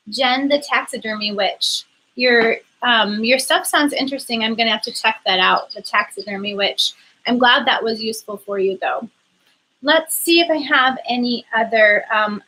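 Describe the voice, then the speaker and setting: A woman spiritual coach hosts a live chat on a livestream, talking casually and earnestly to viewers with lots of ums and restarts. She is getting emotional, and her high voice has a sharp tone on a rough recording.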